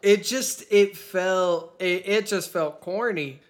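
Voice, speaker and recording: A man's voice: sits high, slow pace. A man co-hosting a casual podcast who talks hesitantly and often restarts his sentences. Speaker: podcast co-host.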